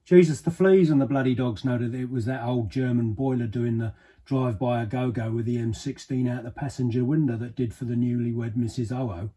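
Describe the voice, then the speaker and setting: A man's voice: medium pitch, fairly even intonation, a little fast, mellow, far from the mic, natural voice. An actor playing a middle-aged, bitter former henchman who rambles on in sardonic, confiding asides. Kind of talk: audio drama monologue.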